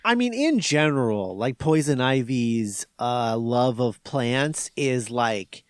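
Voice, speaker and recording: A man's voice: medium pitch, animated, slow pace, smooth, no room sound, studio quality. A man speaking as a guest on a podcast in casual chat, hesitant and full of restarts. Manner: hesitant, many restarts and fillers.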